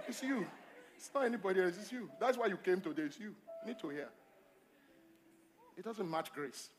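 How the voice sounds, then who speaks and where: Guy preaching in church, voice sits high, gets loud then drops soft, keeps asking the crowd stuff. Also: normal speed, long pauses, slight background noise. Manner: emphatic, swings between loud exhortation and quiet asides; repeats phrases and asks the congregation questions. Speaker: pastor. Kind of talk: sermon. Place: church service.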